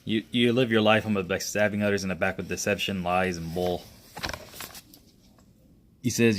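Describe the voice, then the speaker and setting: With a steady, fairly bright tone and a fairly low voice, a man spins an unscripted action tale. He's an amateur storyteller who rambles and keeps restarting in a halting way, voicing each character himself instead of following a polished script.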